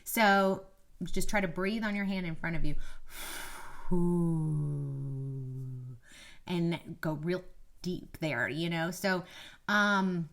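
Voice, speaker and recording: Speaking to camera, a former TV reporter turned media coach offers laid-back, chatty advice and pokes fun at herself. She's in her thirties and from Kentucky, with a mild Southern accent, and her lowish, slightly bright voice moves at a measured pace.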